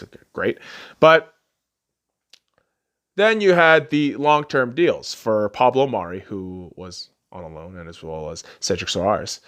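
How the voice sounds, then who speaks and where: A young man hosting a podcast, delivering a profane sports rant that swings between shouting and low muttering. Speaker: podcast host.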